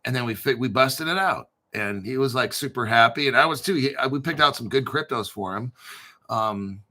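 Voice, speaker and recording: A man's voice: medium pitch, normal speed, sharp tone. A man hosting a crypto channel, rambling casually with profanity, jokes and self-mockery. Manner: profane, joking, self-mocking and digressive.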